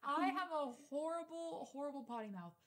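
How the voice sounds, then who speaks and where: A young woman in her twenties, co-hosting a podcast, has a high, fairly bright voice and speaks in a brisk, animated way. She tells a story in casual chat, swearing freely and acting out what people said.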